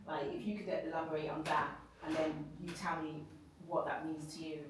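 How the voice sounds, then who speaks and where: Woman running the panel q&a, calm questions, way back from the mic in a boomy room. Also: a little fast. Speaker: discussion moderator. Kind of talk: hosting a panel discussion. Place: indoor room with an audience. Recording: echoey room, distant, noisy.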